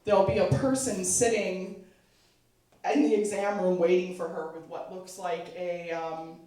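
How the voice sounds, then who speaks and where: A woman's voice: lowish voice, steady tone, unhurried, dark tone. A middle-aged woman doing a stand-up comedy set, chatty and self-mocking, laughing at her own jokes. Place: charity event hall. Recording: echoey room, mic far off.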